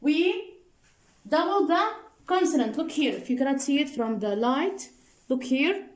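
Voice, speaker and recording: A woman teacher walks students through grammar rules in a patient, repetitive way, often pausing to ask if they follow. Her voice sits high. The sound carries an echoey room around it. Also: very animated. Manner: patient, repeats points and checks understanding with "okay?" and "deal?"; spells out letters one by one and restates rules slowly.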